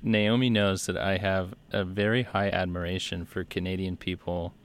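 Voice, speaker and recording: A man's voice: deep voice, flat delivery, moderate pace, clear, resonant tone. An American man co-hosting a podcast in casual chat, jokey and chatty. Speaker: podcast co-host.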